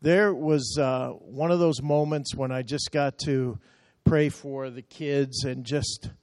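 A man's voice: mid-range voice, fairly even intonation, takes it slowly, darkish tone, dry recording, clean studio sound. A man talking a church through slides from a mission trip, chatty and emotional, telling the operator to move on.

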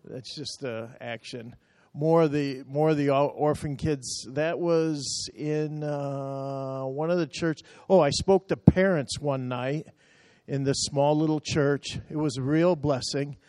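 A man's voice: fairly high pitch, fairly even intonation, slow pace, hardly any pauses, darkish tone, dry recording, studio quality. A man talking a church through slides from a mission trip, chatty and emotional, telling the operator to move on.

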